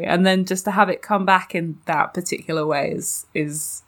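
A woman's voice: fairly low pitch, steady tone, moderate pace, fairly bright tone. A woman co-hosting a casual book-discussion podcast who animatedly retells scenes and laughs between points.

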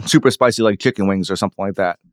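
A man, a brewery guest, chatting casually on a podcast with a burning mouth from a hot chip, relaxed and agreeable. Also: fairly low pitch, racing, no echo, studio quality. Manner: laid-back, agreeable, lots of fillers.

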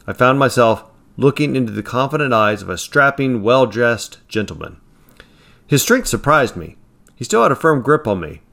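A man's voice: medium pitch, a bit bright. Man reading a story aloud. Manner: plain reading with occasional slips and restarts. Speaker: narrator. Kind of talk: first-person storybook read-aloud.

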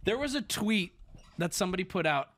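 Male streamer, casual sarcastic commentary, bright voice with a lively, swooping delivery. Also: high-pitched, brisk. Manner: animated, profane, sarcastic storytelling.

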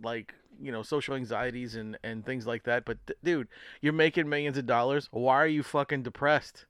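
Brash man with a smooth voice. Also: medium pitch, fairly even intonation, moderate pace, a bit bright, dry recording. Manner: brash, swears freely. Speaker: podcast co-host. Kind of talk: casual chat.

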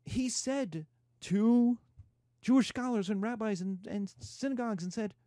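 A man's voice: high-pitched, measured pace, dark tone, dry recording, clean studio sound. A man giving a casual, irreverent history lecture, acting out quotes in slangy voices.

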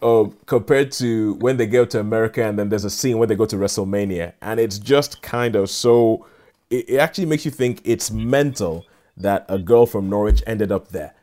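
Man, film review chat, deep voice, warm dark tone, halting restarts. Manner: enthusiastic, halting with many restarts.

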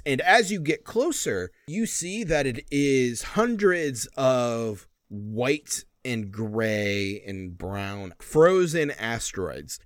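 A man running a tabletop game who lays out each scene in a measured, descriptive way. His pitch moves in a lively, expressive way, and the sound is close and dry. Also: dry recording. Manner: descriptive, measured, at times drawn out. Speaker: game master.

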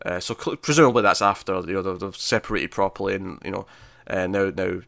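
Bright-voiced man chatting on a podcast. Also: low-pitched, quick pace, gravelly, no room sound. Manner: animated, laughing retelling with many fillers and restarts. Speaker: podcast host reviewing a TV episode. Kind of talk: casual chat.

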